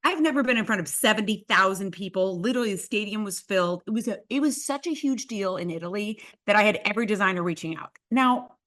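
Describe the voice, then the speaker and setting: A woman's voice: mid-range voice, animated, fast talker, hardly any pauses, fairly bright tone. A middle-aged woman from Chicago, telling a story dramatically on a talk show, acting out the voices. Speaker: guest. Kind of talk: animated anecdote telling.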